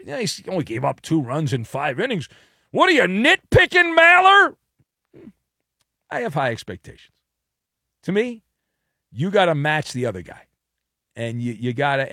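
A man's voice: medium pitch, no room sound. Wisecracking sports talk man, dry sound. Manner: punchy, jokey, full of food and fight metaphors. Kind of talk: opinionated commentary monologue.

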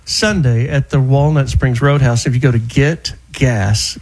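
A man's voice: medium pitch, measured pace, darkish tone, slightly rough. A man hosting a radio show, chatting casually with a guest and plugging local events. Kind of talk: casual radio interview chat.

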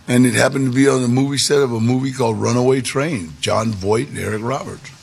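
A man telling a personal story to an audience, animated, with gravelly voice-play in the quotes. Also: mid-range voice, quick pace. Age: 40s or older. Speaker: guest storyteller.

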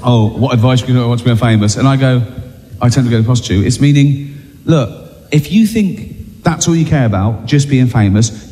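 A man doing stand-up comedy, acting out bits in quick asides. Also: mid-range voice. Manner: animated, acts out characters in quick asides. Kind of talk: live stand-up set. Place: theater stage. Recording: echoey hall, live room ambience.

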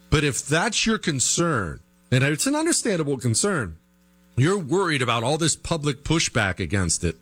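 A man hosting a commentary show, giving an emphatic opinion monologue full of rhetorical questions and slow, stretched stresses on key phrases. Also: no echo. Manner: animated and emphatic, with big pitch swings and rhetorical questions.

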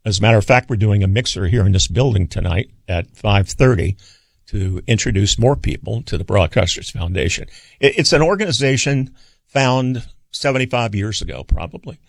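An older man, a radio executive and author, telling stories in a rambling, halting interview with many pauses and fillers. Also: lowish voice, creaky, dry recording, clean studio sound. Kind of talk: casual interview storytelling.

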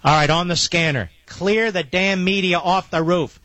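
A man's voice: sits high, moderate pace, sharp tone, no echo, muffled recording. Emphatic talk radio host, man, dry studio sound. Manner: emphatic and indignant, repeating phrases for stress. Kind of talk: live radio commentary relaying a police scanner.

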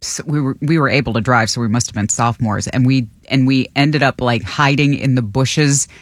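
A man co-hosting a radio show, chiming in with slow, chuckling remarks. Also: medium pitch, dry recording. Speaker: radio co-host. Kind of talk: casual radio chat.

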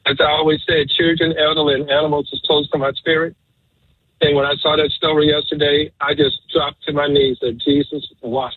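A man's voice: a little high, fairly quick, slightly rough, no echo. A man calling into a radio show over the phone, emotional and preachy, repeating his point. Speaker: radio caller. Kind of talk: call-in radio talk. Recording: tinny phone line.

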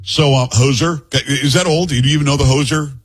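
Male podcast host, middle-aged, husky voice, loose and jokey delivery. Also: a little high, steady tone, brisk. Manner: rambling, joking asides, teasing his co-host. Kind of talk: casual talk-show chat.

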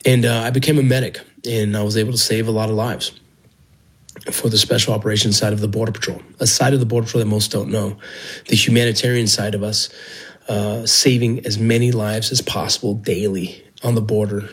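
A man's voice: on the low side, flat delivery, a little fast, husky, poor audio. A man, a former Border Patrol agent and medic, earnestly telling his own story with feeling. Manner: earnest, emotional, with restarts. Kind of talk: personal storytelling.

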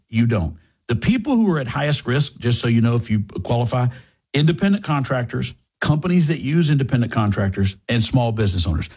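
Husky, impassioned man, radio host monologue, rhetorical and mocking. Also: medium pitch, darkish tone. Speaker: radio talk show host. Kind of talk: political talk radio monologue.

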